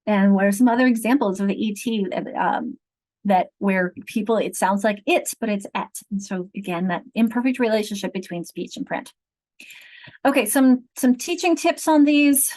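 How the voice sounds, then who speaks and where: A woman training teachers online over a video call, explaining patiently and slowly sounding out syllables and letters. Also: mid-range voice, darkish tone. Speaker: literacy trainer.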